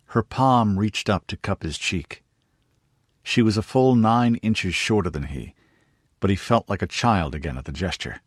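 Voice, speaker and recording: Husky male audiobook narrator. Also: on the low side, unhurried, no echo, studio quality. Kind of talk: scripted narration.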